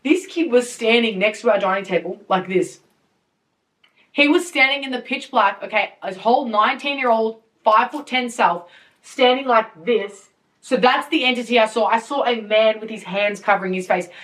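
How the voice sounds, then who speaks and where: A young woman with a fairly high voice, chatting through a story on her podcast. She talks in an animated way, laughs often and swears freely. Her voice sits a little back from the mic. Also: moderate pace, distant mic. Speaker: podcast host. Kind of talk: casual storytelling. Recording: voice a bit off-mic.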